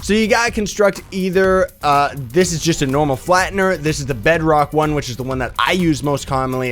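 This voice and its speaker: A young man with a rough, sick voice, hosting a gaming channel and explaining a game with upbeat, rambling talk. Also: on the high side, moderate pace, few pauses, soft background music. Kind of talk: let's play tutorial commentary.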